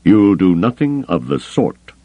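Calm icy alien admiral, a guy reading him, dry and measured, deep voice that still moves around a lot. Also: no room sound. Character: cold, calculating alien male admiral.

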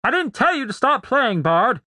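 Brief: man voicing high, barking audiobook captain, bright strained edge. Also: sing-song, moderate pace, dry recording, studio quality, full character voice. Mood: angry. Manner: shouting, threatening. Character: blustering gruff male prison-wagon captain.

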